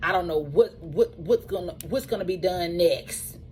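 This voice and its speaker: A woman with a fairly low voice tells her personal story in a loose, chatty way. She runs a truck driving school and comes back to the same phrases again and again to hammer a point home. Soft background noise sits faintly under her voice. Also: moderate pace, low-quality recording. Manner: animated, repeats phrases for emphasis.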